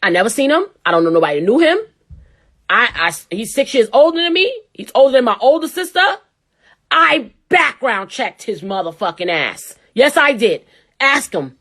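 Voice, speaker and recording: A woman's voice: a little high, fairly bright tone. A woman host giving blunt, profane, heated commentary to her viewers. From New York. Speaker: show host. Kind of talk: ranting commentary.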